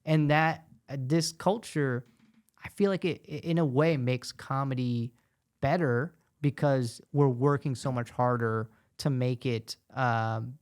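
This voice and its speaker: A man who is a stand-up comedian and guest, talking casually and animatedly, telling stories with quick asides. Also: mid-range voice, clear, resonant tone. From United States. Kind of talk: casual podcast conversation.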